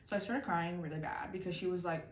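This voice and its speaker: A young woman telling a personal story in a storytime vlog, animated and sarcastic. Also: on the low side, fast talker. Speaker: vlogger. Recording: roomy echo, distant mic, faint noise.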